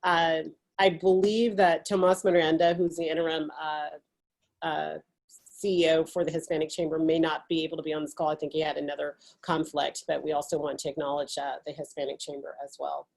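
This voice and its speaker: A woman's voice: low-pitched, little pitch movement, fairly quick, gravelly, darkish tone, low-quality recording. Southern US woman moderating a webinar. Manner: hesitant, many fillers, apologetic. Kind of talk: introducing panelists. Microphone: video call.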